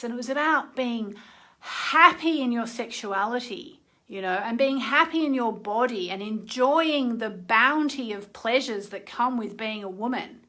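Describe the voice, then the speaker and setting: A woman's voice: on the high side, a bit bright. A middle-aged woman astrologer hosting a live session from her phone, talking in a chatty way and often checking in with "okay?". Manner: chatty, keeps asking "okay?". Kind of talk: live-streamed talk and guided meditation.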